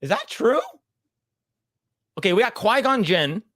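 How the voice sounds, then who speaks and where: A man's voice: sits high, lively intonation, a little slow, fairly bright tone, no echo, studio quality. A man co-hosting a casual livestream podcast, reading chat comments aloud in a laid-back way and laughing often.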